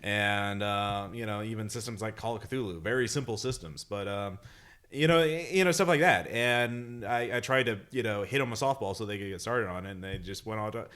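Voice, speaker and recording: A man's voice: fairly low pitch, fairly quick, fairly bright tone, clear, resonant tone. A man hosting a tabletop gaming podcast, chatting casually and rambling with many fillers and restarts. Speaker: podcast host.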